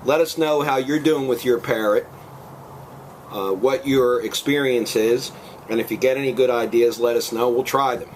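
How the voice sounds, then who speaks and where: A man talks through a home gadget tip in a plain, patient way. His voice sits at an ordinary middle pitch. A faint hiss runs underneath. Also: steady tone, moderate pace, rough recording. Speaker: blogger showing a gadget. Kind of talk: casual demonstration. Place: at home, out front.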